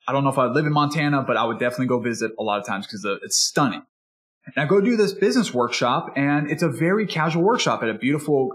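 An energetic, enthusiastic man teaching as a speaking coach in a motivational podcast talk, sometimes acting out a customer and a salesperson. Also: mid-range voice. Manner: energetic and enthusiastic, animated delivery; acts out customer and salesperson dialogue.

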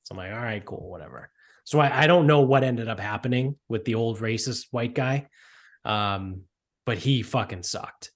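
A man tells a rambling story in casual chat, peppered with swearing and filler. His voice sits at an ordinary middle pitch, and he keeps the telling loose and animated. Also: moderate pace. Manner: profane, rambling, animated retelling.

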